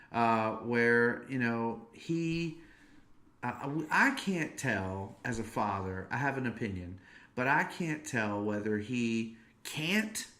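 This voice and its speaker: This is a man hosting a casual podcast, with a bright, forceful tone and an ordinary middle pitch. He jokes around, teases the people he is talking with and lets his stories run long. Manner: playful and joking, drawn-out storytelling. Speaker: podcast host. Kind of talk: casual chat.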